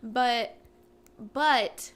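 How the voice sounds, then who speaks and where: A woman's voice: on the high side, extremely slow, clean tone. A young woman co-hosting a casual talk show, speaking earnestly and with many fillers. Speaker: co-host. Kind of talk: casual chat.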